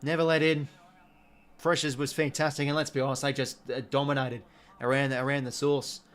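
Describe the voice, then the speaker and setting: This is a young Aussie man hosting a live watch-along, speaking fairly quickly in a mid-range voice. He calls the match casually, with excited bursts and the odd mild swear thrown in.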